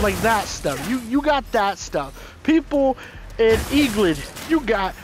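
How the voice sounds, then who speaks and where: A young man with a fairly high voice, giving casual, rambling commentary on a game. He talks in an opinionated way, with plenty of fillers and restarts. Loud game music plays behind him. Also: sing-song, slow pace. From Southern US. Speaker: gameplay commentator.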